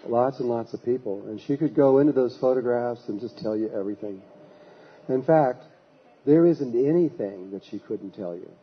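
A spiritual teacher telling a long story in a husky, middle-pitched voice. He often stops and restarts his sentences as he goes. The recording sounds dull and lo-fi. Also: moderate pace. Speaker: spiritual teacher giving a talk. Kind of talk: anecdotal storytelling talk.

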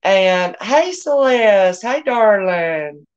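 A woman's voice: mid-range voice, expressive, takes it slowly, hardly any pauses, highs cut off. A middle-aged woman, hosting a live online sale in a chatty, folksy way and greeting viewers by name. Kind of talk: casual live-stream selling chat.

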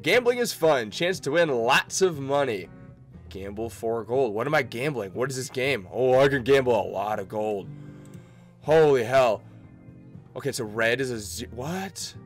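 A man giving casual let's-play commentary, excitable, laughing often and reading game text aloud. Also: medium pitch. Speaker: gaming video creator.

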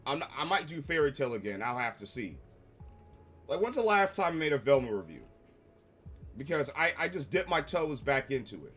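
Forceful, heated man ranting with profanity. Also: medium pitch. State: slightly ill. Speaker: online show reviewer. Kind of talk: angry commentary rant.

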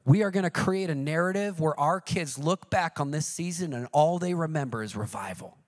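Male preacher, middle-aged, high-pitched, animated storyteller in a sermon. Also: fairly quick. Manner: animated storytelling, jumps into shouted quoted cries.

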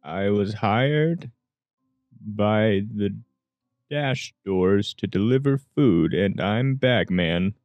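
A man doing a booming delivery hero. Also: lively intonation, no echo, highs cut off, faint music behind. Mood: grandiose. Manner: booming, drawn-out proclamations. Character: self-styled male food-delivery hero Bagman.

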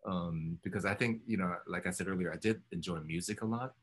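Recalling his past in a reflective oral history interview, this Oakland, California man in his fifties rambles thoughtfully, full of ums and restarts. He speaks a little fast, his low-pitched voice fairly bright and slightly rough.

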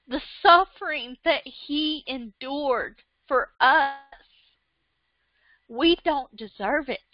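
A high-voiced woman preaching a sermon, unhurried and fervent, her emotion building into repeated praises. The sound is dry and close, and the recording is dull and lo-fi. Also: no echo.

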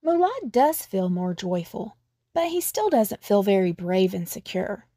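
A woman storyteller reading a children's picture book aloud in a calm, even manner. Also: mid-range voice, a little slow, no echo, clean studio sound.

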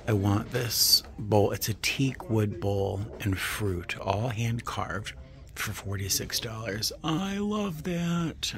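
Male vlogger, low and husky-edged, unhurried, gushing shopping commentary with soft near-whispers. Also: slight background noise. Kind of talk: casual vlog narration while shopping. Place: antique and vintage shops.

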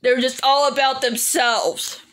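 Woman reacting to clips, slow and scolding, high bright voice. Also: fairly even intonation, very noisy. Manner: slow, scolding, exasperated commentary. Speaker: reaction video host. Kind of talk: commentary on clips.

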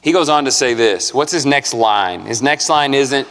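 A man preaching a sermon in a church, emphatic, climbing loud and high on some lines and dropping low and quiet on others. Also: lively intonation, moderate pace, few pauses. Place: church sanctuary. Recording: long hall reverb.

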